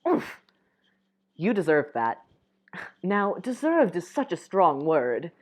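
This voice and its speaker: Young woman, lowish voice, reads a romance game aloud with soft giggly asides. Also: very animated, slow. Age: young adult. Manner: reads lines softly, breaks off with giggly asides. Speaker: gamer reading a dating sim aloud. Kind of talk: reading game text aloud with reactions.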